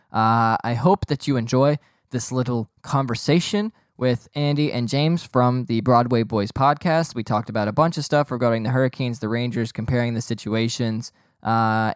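A man's voice: mid-range voice, no room sound, studio quality. A young man hosting a podcast, rambling and joking in a boastful, casual way. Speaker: podcast host.

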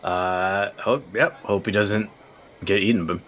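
A man's voice: on the low side, fairly even intonation, measured pace, fairly bright tone, a little hiss or hum. A man playing a tabletop game, flustered and often laughing. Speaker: player.

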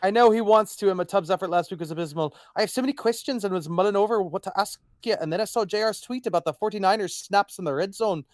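A man's voice: high voice, fast talker, few pauses, dry recording, studio quality. A man co-hosting a sports podcast, reading listener questions aloud. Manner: reads listener letters aloud. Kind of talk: casual sports podcast chat.

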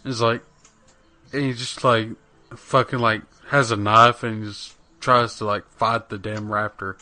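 A man's voice: on the low side, level tone, unhurried, pushed and bright, no echo, soft background music. A young man rambling casually about video games on a podcast, with lots of fillers and swearing. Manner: rambling, profane, many fillers. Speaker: podcast co-host. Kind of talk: casual gaming chat.

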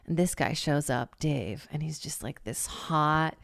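A woman hosting a podcast, telling a funny story in a lively, casual way, swearing freely and acting out what people said. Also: low-pitched, a little slow, creaky, no room sound, studio quality. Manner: animated, swears freely, acts out quotes. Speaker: podcast host.

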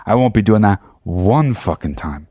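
A man rants to his listeners in a casual monologue, swearing freely and hammering his points home. His voice sits low, and the recording is dry with no room sound. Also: normal speed, husky, no echo. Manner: profane, emphatic, animated. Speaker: podcast host.

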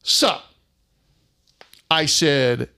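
A man's voice: on the high side, drawn-out words, gravelly, pushed and bright, clear, resonant tone. A middle-aged man, a private investigator telling an indignant story in a casual monologue and acting out the other people's lines.

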